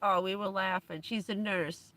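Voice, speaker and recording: A woman's voice: mid-range voice, steady tone, normal speed, sharp tone. A woman hosting a livestream, telling stories in a chatty way and laughing often. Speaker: livestream host. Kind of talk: casual chat to a live audience.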